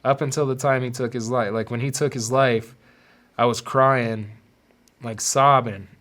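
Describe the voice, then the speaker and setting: This podcast host, a man with a mid-range, slightly bright voice and fairly even intonation, delivers a personal, confessional monologue. His speech is halting, and he often repeats words as he hunts for the right ones.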